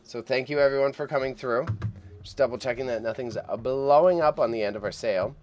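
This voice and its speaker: A man's voice: medium pitch, fairly quick, darkish tone, soft background music. A man hosting a casual live auction stream, chatty and self-deprecating, often repeating himself. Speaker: livestream auction host.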